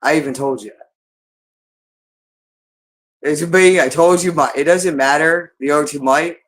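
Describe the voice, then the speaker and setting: A woman's voice: low voice, a little slow. A woman ranting angrily on camera, accusing and swearing heavily. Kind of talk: angry monologue.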